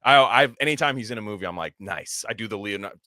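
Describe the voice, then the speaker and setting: A man's voice: lowish voice, expressive, fast, pushed and bright, no room sound, clean studio sound. A man co-hosting a podcast, talking in a rambling, profane way and slipping into mocking voices. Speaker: podcast co-host. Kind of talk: casual chat.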